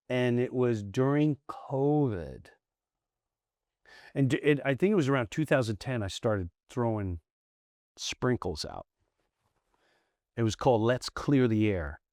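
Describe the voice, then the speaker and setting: Animated man telling candid stories. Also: lowish voice, no room sound, clean studio sound. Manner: animated, acts out quoted voices, restarts often. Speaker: comedian guest. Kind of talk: candid storytelling interview.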